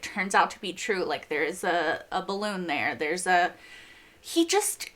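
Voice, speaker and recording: A young woman talks through a TV episode she just watched, in a casual, excitable reaction-video style. Her voice is bright and forward, and her speech comes in chatty bursts full of asides. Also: medium pitch.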